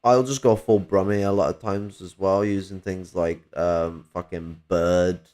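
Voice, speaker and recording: A man's voice: sits low, steady tone, unhurried, a little mellow. A man in casual conversation, rambling with many fillers and swearing freely. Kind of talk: casual podcast chat.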